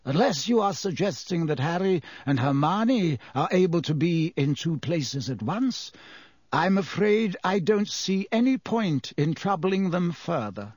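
Calm, quiet, wise old headmaster in a storybook, voiced by a man. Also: on the high side, measured pace, slightly rough, no echo, studio quality, voice pushed up, full character voice.

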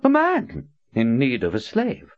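A man's voice: medium pitch, huge pitch swings, a little slow, dry recording, pitched above the performer's own voice. A man voicing a theatrical old prophet, silky and mocking. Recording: dull lo-fi audiobook recording.

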